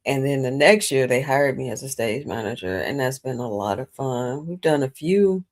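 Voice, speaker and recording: A woman's voice: rumbling low, lively intonation, normal speed. A woman from Detroit co-hosting a casual podcast with her husband, chatty and upbeat though a bit sleepy. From Detroit, Michigan. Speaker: podcast co-host. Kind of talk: casual chat.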